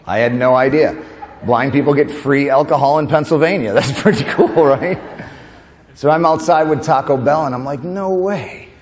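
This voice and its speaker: A man from New York doing a stand-up comedy keynote at a conference, animated, tossing in quick asides and laughing at his own jokes. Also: mid-range voice. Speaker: comedian and motivational speaker. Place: conference hall stage. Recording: long hall reverb.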